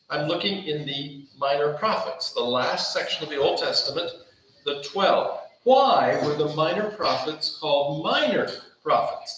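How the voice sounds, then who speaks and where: A man's voice: fairly high pitch, a bit bright, heavy reverb, slight background noise, rough recording. A man pastor giving a conversational Bible study sermon, acting out quoted dialogue with animation. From Taiwan. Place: church hall.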